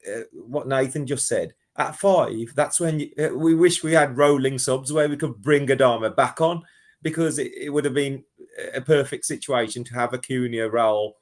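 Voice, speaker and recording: Rambling animated football fan. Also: male voice, medium pitch, moderate pace. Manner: animated, rambling, restarts sentences. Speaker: caller. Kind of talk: casual football phone-in chat.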